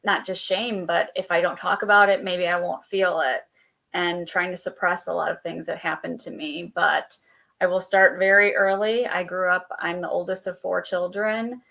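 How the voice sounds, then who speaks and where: A woman's voice: fairly low pitch, fairly even intonation, normal speed, vocal fry, pushed and bright. A woman who guides meditations, speaking as a podcast guest, open and reflective. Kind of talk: casual interview talk.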